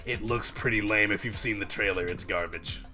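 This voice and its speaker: A man's voice: on the low side, a little fast, faint music behind. A man streaming while he works, chatting casually and joking with a friend. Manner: joking, animated, trails off while focused. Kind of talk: casual chat while working.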